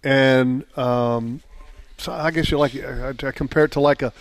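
A man co-hosting a casual radio chat, rambling with many restarts and getting excited about food. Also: medium pitch, measured pace, no room sound. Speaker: co-host.

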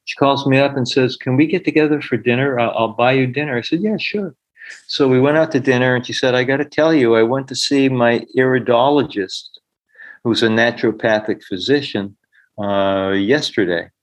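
A middle-aged man, a healer appearing as a podcast guest, tells stories earnestly in an interview and acts out the voices of the people he quotes. His pitch is medium and his pace fairly quick. The recording is rough.

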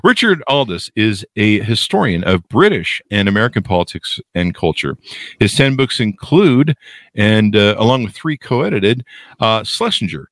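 A middle-aged male podcast host who jokes and rambles, his fairly low voice swinging up and down with animated energy. The sound is close and dry, with no room around it. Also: normal speed, dry recording. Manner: jokey, rambling, self-deprecating asides. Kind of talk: casual podcast interview.

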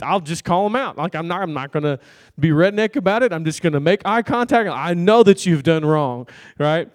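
A man preaching with a slightly higher voice than most men. He tells a personal story loosely and conversationally, laughing often and asking the congregation for an amen. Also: darkish tone. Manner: conversational storytelling with laughs and crowd call-outs. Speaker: pastor. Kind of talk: sermon.

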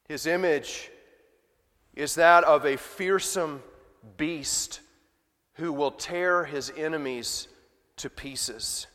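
A man's voice: on the high side, takes it slowly, fairly bright tone. A male pastor giving a sermon in a conversational preaching style, with rhetorical questions to the congregation. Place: church sanctuary. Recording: long church reverb.

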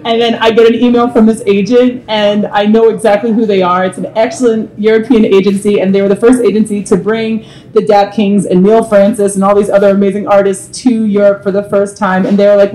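A woman's voice: mid-range voice, a little fast, poor audio. A woman singer, a guest on a live panel at a bar, telling candid and profane stories. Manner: profane, animated storyteller.

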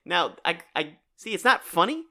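A man's voice: sits high, very animated, moderate pace, pushed and bright, no room sound, clean studio sound. A man co-hosting a podcast, chatting casually and animatedly, laughing often. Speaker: podcast co-host. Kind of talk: casual chat.

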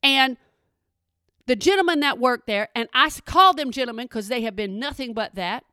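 A woman's voice: fairly high pitch, lively intonation, moderate pace, bright, forceful tone, clear, resonant tone, no echo, clean studio sound. A woman from Texas with a Texan accent, telling a chatty story and asking again and again if you hear her. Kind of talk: storytelling monologue.

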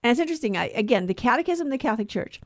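Woman podcast co-host, higher voice, chatty and self-correcting teaching style, dry close mic. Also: animated, very fast, no room sound. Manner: explanatory, digressive, self-correcting. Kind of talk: casual catechetical chat.

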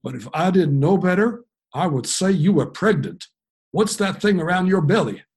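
A man voicing an older male Cherokee medicine man with an Oklahoma accent, speaking bluntly in a husky voice. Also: high-pitched, expressive, normal speed, darkish tone, voice pushed up.

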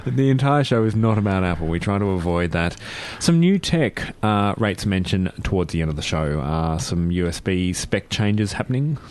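A lowish-voiced man hosts a community radio tech segment from the studio mic. He is chatty and relaxed, often pausing on fillers while he thinks. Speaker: radio show host. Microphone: studio microphone.

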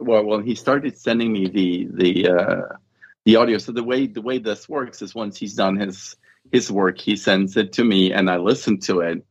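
A low-pitched man speaks as an author in a casual interview. He rambles, restarting phrases as he goes. The recording is muffled and dry, with a narrow lo-fi tone. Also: no room sound. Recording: dull, dry lo-fi sound.

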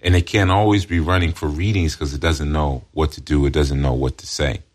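Man, extremely deep voice, spiritual counselor, emphatic teaching monologue, repeats phrases. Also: steady tone, a little fast, a little mellow. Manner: repetitive, emphatic, frequent "you see".

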